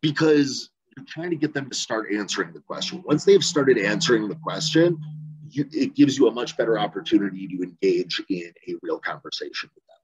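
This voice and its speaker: A man's voice: fairly low pitch, animated, a little fast, husky, muffled recording. A man coaching volunteers on phone banking in a casual virtual training, talking conversationally with lots of fillers and "right?" checks. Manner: conversational, rambling, many fillers and "right?" asides. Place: home room, virtual session. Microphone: video call mic.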